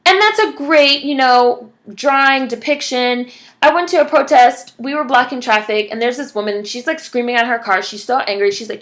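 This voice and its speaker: A woman's voice: on the high side, fairly quick, fairly bright tone. A woman vlogger speaking directly to her viewers, impassioned and emphatic, with frequent asides to the audience. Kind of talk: direct-to-camera commentary.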